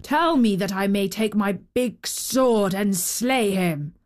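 A woman voicing a huge old male giant in a storybook reading, speaking slow, deep and weighty. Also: darkish tone. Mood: wrathful.

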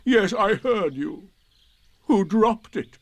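A man's voice: high voice, lively intonation, no echo, voice pushed up, exaggerated voice. Man doing a glum old donkey for a storybook, dragging every word, rising and sinking sadly. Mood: gloomy. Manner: mournful, drawn-out, sarcastic. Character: gloomy old male donkey, slow and self-pitying. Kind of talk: storybook reading.

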